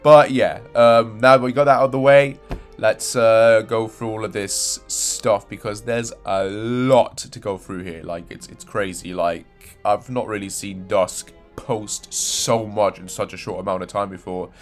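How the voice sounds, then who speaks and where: A man's voice: on the low side, steady tone, a little slow, soft background music. A young man hosting a gaming channel, talking through game news in a rambling, sarcastic way and correcting himself as he goes. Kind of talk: casual video game news commentary.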